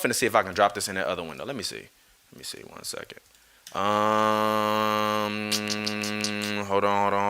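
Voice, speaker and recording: Man, live-stream basketball rant, bright forceful voice, argumentative, swears a lot, mic through a mixer. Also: lowish voice. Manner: heated, swearing, argumentative, apologizes over audio trouble. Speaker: basketball podcast host.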